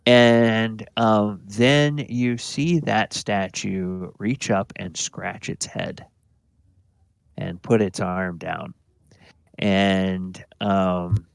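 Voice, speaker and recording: A man narrates a tabletop game as its dungeon master, describing the scene at an unhurried pace. He talks in a low voice and fills his pauses with ums and uhs. The recording is dry. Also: creaky, no room sound. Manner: relaxed, unhurried, with many fillers.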